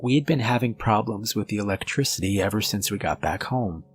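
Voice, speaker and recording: Low-voiced man narrating a horror story. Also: animated. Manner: measured storytelling delivery. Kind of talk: scripted first-person horror narration. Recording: faint music bed under voice. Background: soft background music.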